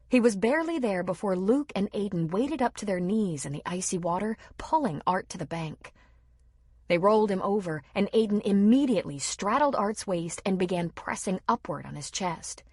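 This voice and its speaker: A woman reading a novel aloud in steady, measured scripted narration. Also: mid-range voice, husky, no echo, studio quality. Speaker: audiobook narrator.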